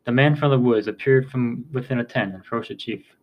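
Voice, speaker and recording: A man reading a novel aloud as audiobook narrator, steady with occasional slips. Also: medium pitch, a little fast, dull audio. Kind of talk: scripted storybook narration.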